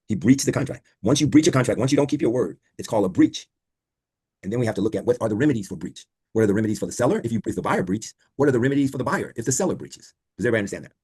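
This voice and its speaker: A man's voice: lowish voice, warm tone, husky. A man teaching a law class over a video call, quizzing students and repeating key points. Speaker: law instructor. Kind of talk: online class lecture.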